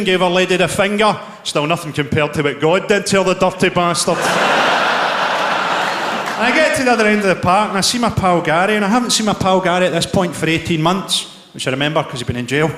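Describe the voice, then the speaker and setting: A Scottish man in his forties doing a live stand-up set, firing off profane, dark deadpan one-liners. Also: high voice, very noisy. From Scotland. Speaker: stand-up comedian. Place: large theatre stage. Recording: echoey live theatre hall with loud crowd laughter.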